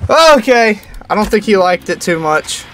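Jumpy, lively young man gaming. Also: very noisy. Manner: jumpy, yelps and shouts at scares; reads on-screen text aloud in a low slow voice. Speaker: gaming YouTuber. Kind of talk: horror game let's play commentary.

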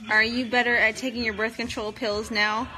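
A woman's voice: fairly high pitch, level tone, moderate pace, bright, forceful tone. A young woman chatting casually on a live-stream Q&A from home into a phone held at arm's length, giggling and swearing as she reacts. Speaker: reality TV personality hosting a live Q&A.

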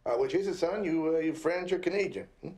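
An actor playing a stubborn small-town police captain who talks in a slow, folksy drawl full of homespun sayings. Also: male voice, on the high side, darkish tone, natural voice. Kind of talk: film dialogue.

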